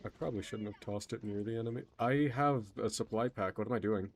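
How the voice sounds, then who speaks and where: A man's voice: fairly low pitch, quick pace, a little hiss or hum. A man streaming a video game, rambling casually, mocking himself and trailing off mid-sentence. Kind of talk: casual gameplay commentary.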